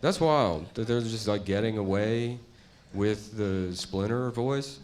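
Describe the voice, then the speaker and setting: A middle-aged man doing stand-up comedy, riffing crudely in a deadpan way that sinks to mutters. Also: on the low side, takes it slowly. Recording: audience laughter behind. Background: crowd laughing.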